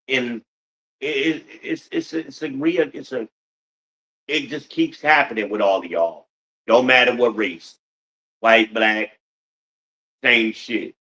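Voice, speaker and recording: A middle-aged American podcast host rants bluntly and profanely in a monologue, firing rhetorical questions at his listeners. His mid-range voice has a sharp tone, and the audio sounds dull.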